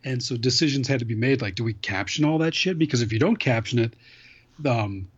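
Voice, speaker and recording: A man in easygoing podcast conversation, meandering through stories with wry asides and the odd curse. His pitch sits mid-range. The recording is a little muffled and lo-fi. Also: animated, a little fast, husky. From now living in California. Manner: rambling, profane, wry. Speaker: podcast host. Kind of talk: casual chat.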